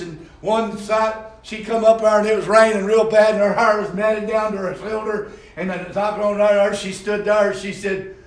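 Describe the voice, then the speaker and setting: A man, a pastor preaching and telling folksy testimony stories that rise into shouts. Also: sits high, distant mic. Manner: folksy storytelling, rising to shouts. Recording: echoey room heard from afar.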